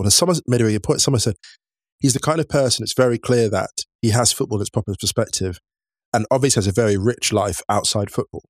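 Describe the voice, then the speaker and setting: A man's voice: lowish voice, fast, breathy edge, no room sound, clean studio sound. A young man co-hosting a podcast, chatting casually and reading out listener messages, laughing easily. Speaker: podcast co-host.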